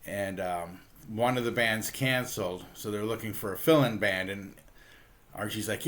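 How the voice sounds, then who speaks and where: A man hosting a casual book review, talking in a relaxed, halting way with lots of ums and uhs and frequent chuckles. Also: lowish voice. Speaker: book reviewer, channel host.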